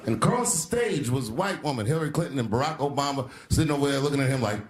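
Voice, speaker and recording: A man doing stand-up storytelling, conversational and animated, swinging between low asides and loud punchlines. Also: racing, few pauses. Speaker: stand-up comedian. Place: live theater on stage. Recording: long hall reverb, faint noise.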